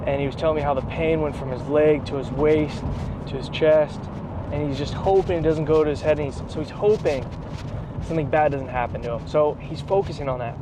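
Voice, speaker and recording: Animated man telling a story. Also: fairly high pitch, a little fast, background noise. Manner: casual slang, calls listener bro and dude; excited, animated retelling. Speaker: vlogger, athlete. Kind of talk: casual vlog storytelling.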